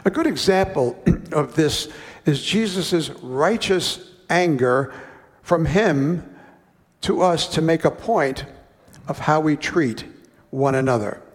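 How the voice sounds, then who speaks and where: A man's voice: a little high, expressive, takes it slowly, long reverb tail. A man preaching a sermon, reading a parable aloud and breaking off for conversational, wry asides.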